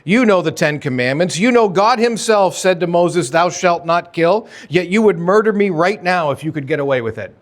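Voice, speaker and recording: A man's voice: high voice, expressive, moderate pace, hardly any pauses, pitched above the performer's own voice. A man preaching, putting on the voice of an indignant teacher who challenges his accusers insistently.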